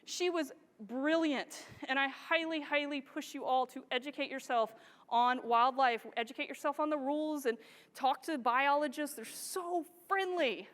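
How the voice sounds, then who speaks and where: High-voiced, enthusiastic woman presenting on stage. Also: normal speed. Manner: enthusiastic, animated storytelling with frequent laughter. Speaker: wildlife photographer giving a stage presentation. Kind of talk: live storytelling presentation to an audience. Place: large hall with a live audience. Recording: reverberant hall sound.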